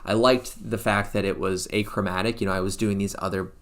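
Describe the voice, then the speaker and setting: A man's voice: fairly low pitch, level tone, brisk, fairly bright tone. A painter talking through his own studio work on a casual live stream, rambling and thinking aloud with many fillers and restarts.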